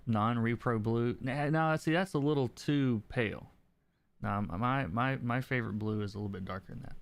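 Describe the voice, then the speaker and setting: A man, a comic colorist, chatting casually on a livestream while he works, thinking aloud with many restarts and soft chuckles. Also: medium pitch. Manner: chuckles softly between remarks. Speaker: comic book colorist streaming his work.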